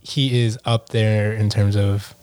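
Animated man in casual chat, dry sound. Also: on the low side, dry recording. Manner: animated, quotes people in quick asides.

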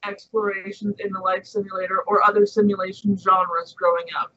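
A man co-hosting a casual podcast who explains things in a measured way and steers the talk back on topic. His voice is high and bright. The sound is dull and lo-fi. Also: little pitch movement. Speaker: podcast co-host. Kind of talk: casual chat.

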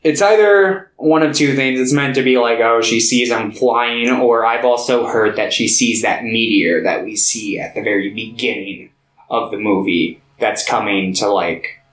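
A young man muses over a movie in a halting, easygoing way, stopping and restarting as he thinks. His voice sits at an ordinary pitch. The room around him is echoey. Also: a bit bright. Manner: hesitant, many fillers and restarts. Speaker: podcast co-host. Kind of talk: casual film discussion.

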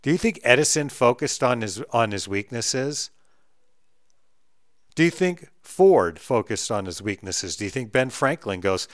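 A middle-aged man ranting bluntly and with profanity, swinging between loud outbursts and low mutters. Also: very animated, measured pace, dry recording, studio quality. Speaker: vlogger ranting on camera. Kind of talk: heated monologue rant.

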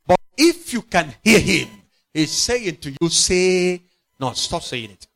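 A man preaching a sermon, emphatic and repetitive, swinging from loud outbursts to quiet, low phrases. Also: expressive, slow, vocal fry. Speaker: pastor.

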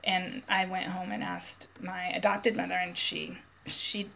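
A female guest comedian telling personal anecdotes in a lively, casual storytelling manner. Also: fairly low pitch, unhurried, vocal fry. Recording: dull lo-fi with faint noise.

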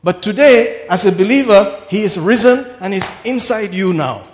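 High-voiced preacher. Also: male voice, animated, moderate pace, slight background noise. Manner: emphatic, swinging from low asides to shouted declarations. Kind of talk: sermon. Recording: long hall reverb.

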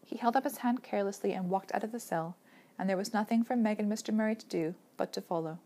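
A woman's voice: mid-range voice, quick pace, dark tone. Woman narrating a novel aloud. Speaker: audiobook narrator. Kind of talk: scripted narration.

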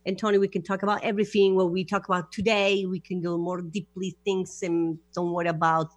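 A woman's voice: lowish voice, little pitch movement, a little fast, no echo. Chatty woman radio host. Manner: chatty, laughs easily, broken English. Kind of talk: casual radio chat.

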